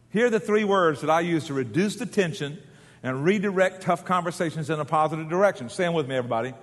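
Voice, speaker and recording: A man preaching a sermon in a folksy, joking way, getting the congregation to repeat lines. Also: on the high side. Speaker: pastor. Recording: long hall reverb.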